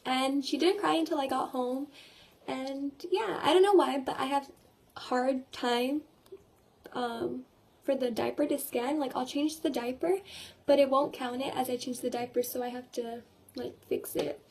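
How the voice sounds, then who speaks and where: A woman's voice: sits high, steady tone, unhurried, darkish tone. A teenage girl chatting in a casual video diary, retelling her day with quoted voices and laughs. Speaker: vlogger.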